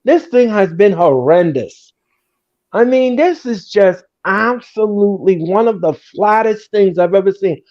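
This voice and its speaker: A man's voice: sits high, expressive, a little slow. Ranting man on lo-fi audio. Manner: ranting, repetitive and emphatic. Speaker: podcast host. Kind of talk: casual wrestling chat.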